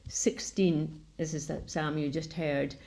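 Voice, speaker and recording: A woman with a Scottish Highland accent giving an online academic talk over a video call, measured and explanatory, sometimes restarting a word. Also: fairly even intonation, creaky, warm tone, slight background noise. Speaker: lecturer.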